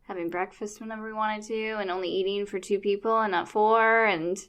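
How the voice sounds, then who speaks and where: A woman's voice: mid-range voice, fairly even intonation, a little fast, fairly bright tone, clear, resonant tone. A woman in her thirties co-hosting a podcast, talking in a chatty, rambling, enthusiastic way about her family and travels. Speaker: podcast co-host. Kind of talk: casual chat.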